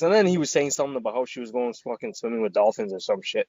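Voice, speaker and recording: A man's voice: mid-range voice, very fast, darkish tone, dry recording, dull audio. A man co-hosting a podcast, telling a rambling, profane story in casual chat and quoting his friends. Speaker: podcast co-host.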